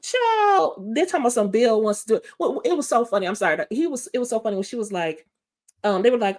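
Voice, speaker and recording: A woman hosting a live panel, recapping an episode in a chatty, animated storytelling way. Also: a little high, fast talker. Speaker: panel host.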